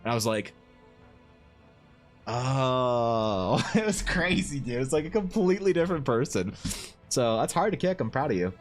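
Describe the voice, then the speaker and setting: A young man chatting casually on a live stream while he paints, telling stories in a rambling, animated way with lots of restarts. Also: fairly high pitch, fast, soft background music. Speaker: Twitch streamer and artist.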